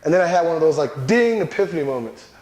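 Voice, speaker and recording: A man telling a lively personal story, repeating a running catchphrase for effect. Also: a little high, fast talker. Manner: animated, repeats a catchphrase for laughs. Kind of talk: storytelling talk. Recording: echoey room.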